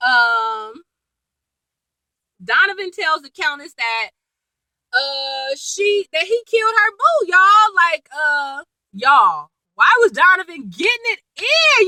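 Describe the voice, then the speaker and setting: A woman casually recapping a TV episode in a chatty, animated way, laughing and full of slang and asides. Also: sits high, no echo, rough recording. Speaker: TV episode reviewer.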